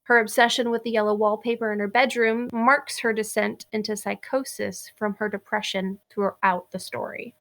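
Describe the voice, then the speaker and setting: Bright-voiced chatty young woman. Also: mid-range voice, steady tone, normal speed, few pauses. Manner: chatty and candid, laughs easily. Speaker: podcast co-host. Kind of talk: casual chat.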